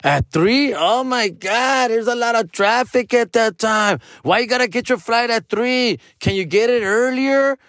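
A man's voice: very high voice, a little slow, hardly any pauses, fairly bright tone, dry recording, pitched above the performer's own voice. A man voicing his fussy, complaining adult male friend in a comedy story, nagging and exasperated. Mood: whiny.

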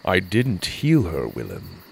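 A man voicing a huge, sleepy, gentle giant who speaks low, slow and hushed. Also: wildly swooping pitch, gravelly, slightly rough, full character voice. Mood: hushed, knowing.

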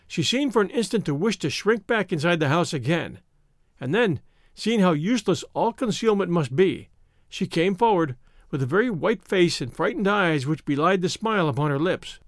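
A man narrating a story in the first person with an expressive, theatrical delivery. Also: high voice, normal speed, no room sound, clean studio sound. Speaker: audiobook narrator.

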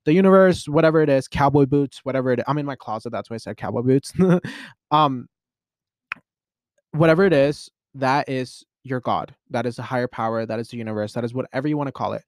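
A twenty-year-old man hosting a podcast from his closet, rambling in a casual solo monologue full of "like" and restarts, with excitable jumps in pitch. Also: a little fast, no echo, clean studio sound. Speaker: podcast host.

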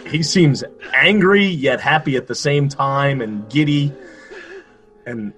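A man's voice: mid-range voice, slow pace, fairly bright tone, faint music behind. A man chatting casually while watching a movie, rambling with restarts and laughing at what he sees. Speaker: movie commentary co-host.

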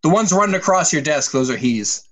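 A man in casual podcast chat, relaxed and hesitant, trailing off quietly. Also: on the high side, fairly quick.

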